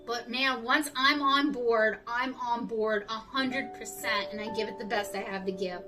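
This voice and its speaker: A woman with a Southern US accent talks openly to her viewers, rambling and reflective. Her voice is bright and fairly high. She sits back from the mic with faint music underneath. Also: fairly even intonation, a little slow, recorded from a distance. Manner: candid, rambling, self-reflective. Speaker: artist vlogger. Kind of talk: casual talk to camera.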